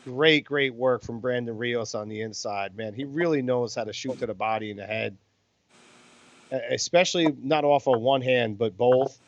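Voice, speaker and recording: Over beers at home in Las Vegas, a medium-pitched man co-hosts a boxing podcast, calling fights in a relaxed, foul-mouthed manner at a moderate pace. The sound is dull, dry and lo-fi.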